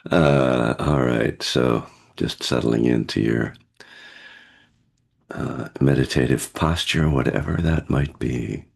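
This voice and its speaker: A man with a cold leading a guided meditation over a video call, speaking gently with pauses and fillers. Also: a bass voice, vocal fry, husky. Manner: slow, gentle, pausing guidance with fillers. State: has a cold, husky voice. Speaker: meditation teacher.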